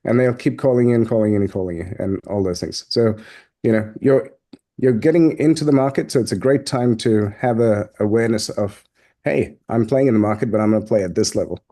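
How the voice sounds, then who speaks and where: A man's voice: lowish voice, a little fast. A man hosting a business Q&A video call, talking casually and acting out the people in his stories. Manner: animated storyteller, acts out quoted people. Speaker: host and business coach.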